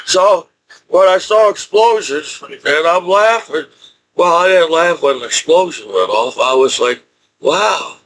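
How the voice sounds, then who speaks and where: A middle-aged man with a notably high speaking voice delivers a loose, rambling personal monologue. He chuckles often between thoughts and circles back to the same points again and again. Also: lively intonation, a little slow, fairly bright tone, low-quality recording. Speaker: military veteran vlogger.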